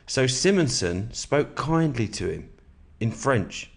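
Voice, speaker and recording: A man with a slightly sore throat, hosting a podcast in a relaxed, matey way and reading aloud from a book at an even, measured pace. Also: medium pitch, creaky. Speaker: podcast host.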